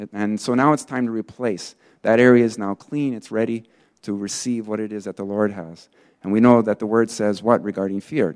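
Male preacher, earnest, rambling, fillers, fairly low voice, sermon. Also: a little mellow. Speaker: pastor.

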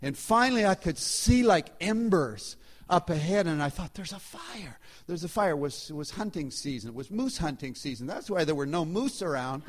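Animated man telling a story. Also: a little high, normal speed. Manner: animated, chatty, shifting loudness. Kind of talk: live anecdote told to an audience.

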